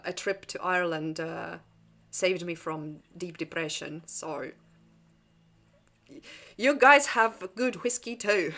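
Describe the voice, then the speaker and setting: A woman's voice: on the low side, fairly bright tone. A young woman hosting a casual livestream chat, rambling with jokey asides and frequent laughs. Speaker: channel host.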